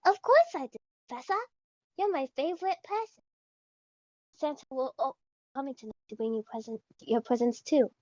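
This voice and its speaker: Woman doing a bright, eager young boy in a wobbly fake British accent, high voice, dull lo-fi sound. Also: lively intonation, normal speed, pauses often, no echo. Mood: cheerful. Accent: attempted British.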